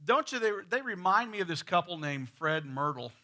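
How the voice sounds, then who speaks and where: Male pastor, middle-aged, West Texas accent; folksy sermon storyteller with a high, bright voice. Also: very animated, fairly quick. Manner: folksy storytelling, repeats words when starting. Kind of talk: sermon with a told joke. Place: church sanctuary.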